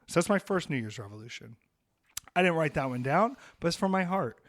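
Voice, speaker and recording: A man's voice: a little high, expressive, a little fast, fairly bright tone. A young adult man hosting a podcast, ranting in a heated, profane and emphatic way. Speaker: podcast host.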